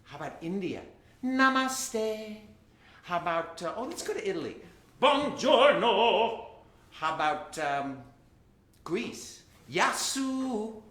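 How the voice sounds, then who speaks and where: A man's voice: a little high, sing-song, normal speed, fairly bright tone. A man hosting a live family concert from home, playfully coaxing children to repeat greetings after him. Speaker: children's singer and concert host. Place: at home in California. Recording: roomy sound with faint guitar.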